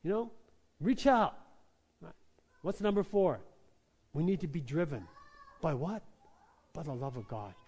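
High-voiced preaching pastor, man. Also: animated, unhurried, long pauses, slightly rough. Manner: swings between quiet questioning and loud emphatic preaching; repeats lines, calls out "Amen?" to the congregation. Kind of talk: sermon.

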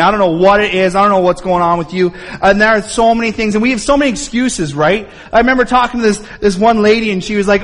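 A man's voice: extremely high pitch, a bit bright, long reverb tail. A man preaching a sermon as pastor, earnest, with rising and falling emphasis. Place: church sanctuary.

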